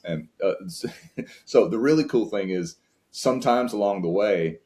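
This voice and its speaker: A very deep-voiced man speaks as a podcast guest, earnest and open as he reflects on fatherhood. His talk is warm in content but plain, full of restarts as he searches for words. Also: lively intonation, measured pace. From United States. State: tearing up at times.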